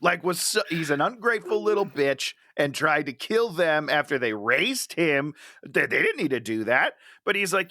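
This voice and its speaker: A podcast co-host in a casual movie-review chat mocks the plot and slips into exaggerated character voices. His bright voice makes big pitch swings at a normal speed, and the sound is dry and close with no echo.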